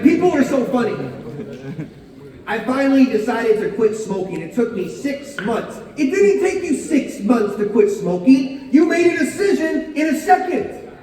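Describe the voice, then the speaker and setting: A man giving an energetic, punchy motivational talk to a live audience and drawing answers from the crowd. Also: extremely high pitch. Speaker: motivational speaker. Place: large hall with a live audience. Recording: echoey hall, voice far from the mic.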